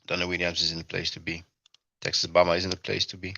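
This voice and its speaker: A man hosting a commentary video, speaking in a measured way and reading out viewer comments. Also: low-pitched, monotone, gravelly, bright, forceful tone. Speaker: commentary channel host. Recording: dull, lo-fi dry recording.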